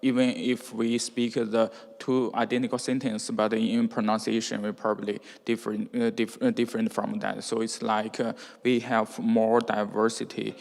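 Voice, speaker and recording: A man's voice: lowish voice, flat delivery, moderate pace, vocal fry, hardly any pauses, a little mellow. A man in the audience asking a lecturer a question, hesitant and searching for words. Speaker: audience member. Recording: lecture hall with long reverb.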